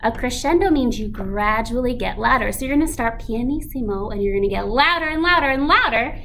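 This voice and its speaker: Animated woman music teacher. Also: fairly high pitch, fairly quick, slight background noise. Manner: animated, expressive storybook reading. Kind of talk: recorded music lesson with a read-aloud.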